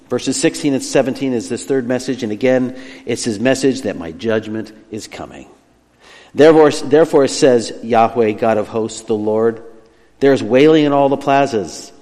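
A man preaching a sermon, emphatic and lively, dropping soft and slow on key phrases. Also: medium pitch. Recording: long hall reverb.

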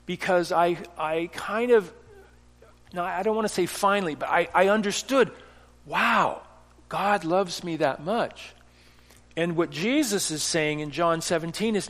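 A middle-aged man preaching a sermon, telling a personal story earnestly, with restarts, dropping to a hush and then rising to emphasis. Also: sits high, animated, a little slow. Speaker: pastor. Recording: long hall reverb.

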